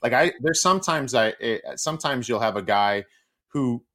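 A middle-aged man, a former hockey player and guest, telling stories in casual chat and acting out quotes with big jumps in pitch. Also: expressive, normal speed, pushed and bright.

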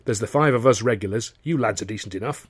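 A man's voice: fairly low pitch, fast, breathy edge, no room sound. A man voicing a cool, persuasive male footballer.

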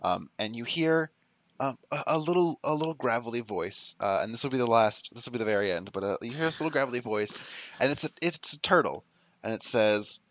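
A man's voice: fairly low pitch, lively intonation, fast, a bit bright, no room sound. A man narrating as game master of a tabletop game, rambling with lots of fillers and laughs.

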